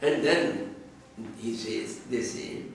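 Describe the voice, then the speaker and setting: A man's voice: mid-range voice, takes it slowly. A man with an Indian English accent, a swami giving a scripture discourse, who chants Sanskrit verses and then explains them in conversational, teasing English. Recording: echoey hall audio from far off, faint noise.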